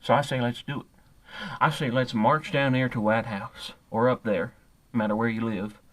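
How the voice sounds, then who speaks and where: A man's voice: medium pitch, fairly even intonation, moderate pace, close to an everyday voice, rough recording. Man plays ignorant hothead ranting to camera; profane, rambling, self-correcting, everyday mid-range voice. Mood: angry rant. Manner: profane, rambling, stumbling over his own words. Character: hot-headed, ignorant ranting grown man. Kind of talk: comedic character monologue.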